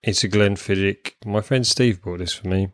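Laid-back low-voiced podcast co-host. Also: male voice, moderate pace, no echo, studio quality. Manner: easygoing, friendly, laid-back. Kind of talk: casual chat.

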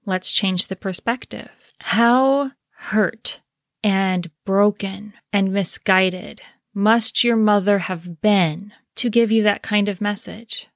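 A woman confidence coach giving an earnest motivational talk, slowing down to stress key phrases. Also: mid-range voice, dry recording, studio quality.

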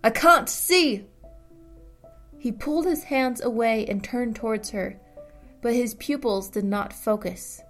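A woman reading a story and voicing a desperate man who shouts in panic. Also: a little high, measured pace, soft background music. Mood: terrified. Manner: shouted, frantic.

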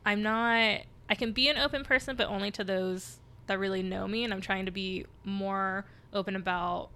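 A woman's voice: mid-range voice, fairly even intonation, normal speed, pushed and bright, clear, resonant tone. A young adult woman, a guest on a podcast, telling personal stories openly with light self-deprecating laughs. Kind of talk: casual podcast interview.

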